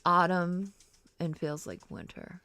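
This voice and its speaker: A woman's voice: lowish voice, slow pace, bright, forceful tone. A middle-aged woman hosting a crafting livestream, chatting casually and rambling with fillers as she works. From Ohio, US. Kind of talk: casual chat while crafting.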